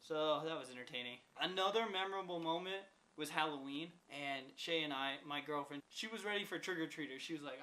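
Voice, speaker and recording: A man's voice: a little high, brisk, hardly any pauses, sharp tone, rough recording. A young adult man telling a rambling, profane story in a casual vlog, full of "like" fillers. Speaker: vlogger.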